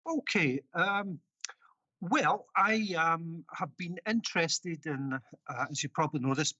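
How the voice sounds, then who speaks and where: A man's voice: fairly high pitch, unhurried, bright, forceful tone, dry recording, muffled recording. A Scottish man, a guest author, answering in a casual, easygoing, friendly way. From Scotland. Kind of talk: casual interview chat.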